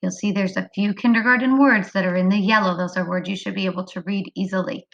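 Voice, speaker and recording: A woman teaching a phonics lesson to young children, slow and sing-song, drawing words out. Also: mid-range voice, steady tone, gravelly, lo-fi sound. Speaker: kindergarten teacher.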